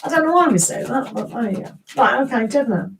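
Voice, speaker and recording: An English woman with a somewhat high voice talks through a tarot reading in a loose, conversational way. She chats to viewers, laughs often and trips over her words as she goes. Her voice sounds a little distant from the microphone. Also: animated, a little fast, background noise. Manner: chatty and rambling, greets viewers, laughs often, many restarts. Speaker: tarot reader hosting a live stream. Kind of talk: casual live-stream reading.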